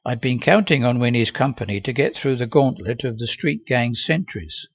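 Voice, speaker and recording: Gravelly, husky male storyteller. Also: medium pitch, expressive, moderate pace, dry recording, muffled recording. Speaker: audiobook reader. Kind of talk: first-person novel reading.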